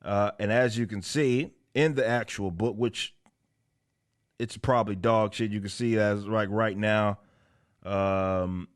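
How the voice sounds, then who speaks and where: A man's voice: fairly low pitch, fairly even intonation, slow pace. A man hosting a comic book commentary channel, talking in a blunt, profane, sarcastic way and rambling through self-corrections. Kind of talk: casual ranting commentary.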